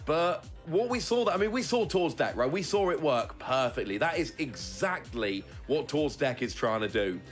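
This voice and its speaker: A man commentating a competitive card game, calmly explaining each play and the players' options. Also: a little high, moderate pace, hardly any pauses, soft background music. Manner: analytical, explains play step by step.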